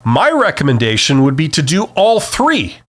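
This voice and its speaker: Man, podcast host, unscripted advice talk, lively pitch, frequent "okay?" check-ins. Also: normal speed. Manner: animated, says "okay?" after most points; varies volume and speed to demonstrate.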